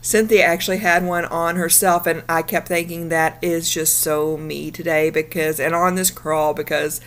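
Woman, slightly low voice, upbeat casual vlog chat, a bit of morning roughness. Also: steady tone, normal speed, fairly bright tone. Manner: chatty and upbeat. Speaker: vlogger. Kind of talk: casual travel vlog narration.

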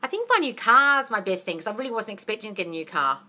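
A woman's voice: medium pitch, animated, fast talker, bright, forceful tone. An Australian woman hosting a casual live Q&A as a manifesting coach, blunt and sweary, calling everyone darling.

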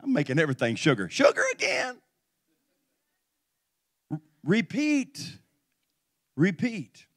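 A middle-aged man preaching as a pastor, his voice sitting high for a man. He moves from storytelling to loud, rousing exhortation with call-and-response. The sound is close and dry. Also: huge pitch swings, takes it slowly, pauses often, no room sound. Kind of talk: sermon.

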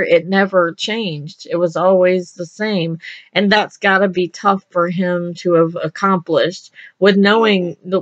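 A woman's voice: lowish voice, no room sound. A woman from the South hosts a radio chat in a chatty, easygoing voice. The sound is dry and close, and dull like lo-fi radio. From American South. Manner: chatty, laughs easily. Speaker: radio host. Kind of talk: casual radio interview.

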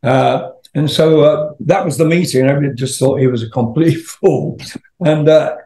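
With a fairly high but dark-toned voice at normal speed, an older man who sings rock spins long, meandering stories as an interview guest, laughing and cursing along the way. The recording has a roomy quality.

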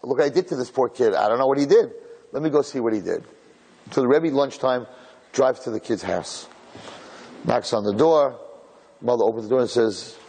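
Man, rabbi, storytelling Torah lecture, husky, slightly high, hall reverb, animated and repetitive. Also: normal speed. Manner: animated storyteller, repeats words, rises to shouts at the climax. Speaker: rabbi giving a Torah class.

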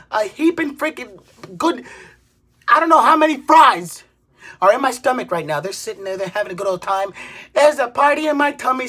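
A woman in her twenties, a vlogger, delivering an exasperated comedic rant, swearing and bursting into shouts. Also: fairly high pitch, husky. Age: 20s.

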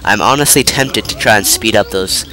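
A man's voice: on the low side, normal speed, bright, forceful tone. A young man with a stuffy, congested voice giving rambling, casual commentary while playing a video game. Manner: rambling, self-interrupting, lots of fillers. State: stuffy, nasal from a cold. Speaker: let's play commentator. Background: game music.

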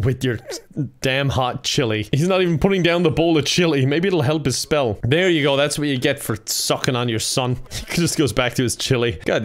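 An Irish man talking over a game in a jokey, sarcastic way, laughing at his own mistakes. His voice sits at a middling pitch and leaps up when something surprises him. It sounds like a close desk microphone. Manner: sarcastic, jokey, laughs often, jumps into high exclamations. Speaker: gaming YouTuber. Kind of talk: casual gameplay commentary.

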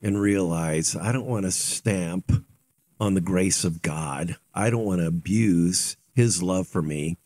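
A male pastor giving a short devotional sermon in a conversational, animated way, dropping low and quiet when voicing repentance. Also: takes it slowly.

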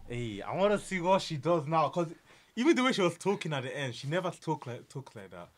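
A young man co-hosting a reaction video, hyping loudly and repeating his lines in slangy casual chat. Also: a little high, sing-song, brisk.

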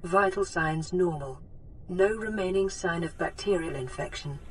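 A woman voicing a female computer assistant in a video game, making flat, clinical announcements. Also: lowish voice, moderate pace, natural voice. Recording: distant game audio with noise.

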